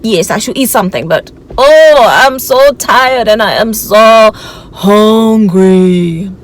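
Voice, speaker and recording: A woman's voice: a little high, takes it slowly. Woman putting on a gushing sing-song shopper lady. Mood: whiny. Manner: sing-song, doting, insistent.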